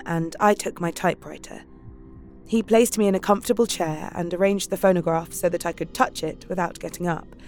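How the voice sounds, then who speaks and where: A woman's voice: fairly low pitch, a little mellow, close to an everyday voice. An actress playing a compassionate, resolute young Victorian wife who narrates her journal and pleads earnestly, in an audio drama. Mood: calm. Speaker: narrator and character.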